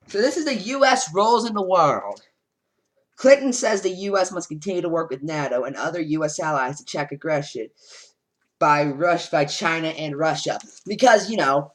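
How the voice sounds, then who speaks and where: A woman's voice: fairly low pitch, a bit bright. A woman giving casual, sarcastic commentary with rambling asides.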